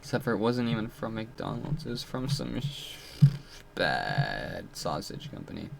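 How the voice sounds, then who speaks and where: A man giving casual gameplay commentary, rambling and frustrated, muttering low and then yelling out. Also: little pitch movement, a little fast, creaky, noisy background. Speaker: gamer playing and commenting.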